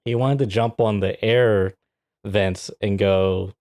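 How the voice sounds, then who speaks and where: At a slow pace and fairly low pitch, this man shares a story while co-hosting a podcast in casual chat, recorded dry. He's animated, often laughs, and dramatizes what others said.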